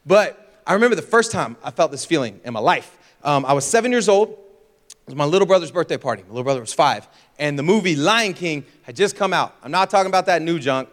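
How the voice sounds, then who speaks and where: A young man preaching a sermon, telling a funny childhood story with lively shouts and gasps, then turning reflective. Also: a little high. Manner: animated storyteller, acts out scenes with shouts and gasps. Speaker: pastor. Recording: long hall reverb.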